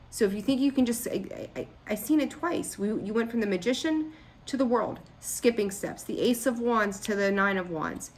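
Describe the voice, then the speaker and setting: Speaking in a mid-range voice, this tarot reader delivers a relaxed reading that's frank and blunt, chiding her audience as she rambles and starts over. A slight hiss or hum sits under the recording.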